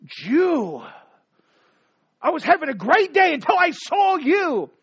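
A man playing a boastful, hateful ancient male royal official who brags and bursts into shouting. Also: high voice, sing-song, normal speed, no echo, lo-fi sound, exaggerated voice. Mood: furious.

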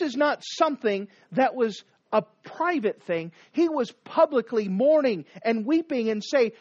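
A man preaching a sermon, swinging between hushed lines and raised, emphatic ones. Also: very high voice, animated, a little slow, hardly any pauses, no echo. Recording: dull dry recording.

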